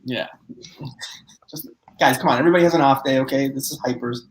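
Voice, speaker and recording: A man's voice: mid-range voice, fast. A man hosts a casual live-stream chat in a loose, rambling way. His voice carries a roomy echo with a faint hiss behind it. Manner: loose, chatty, full of fillers. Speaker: podcast host. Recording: echoey room with faint noise.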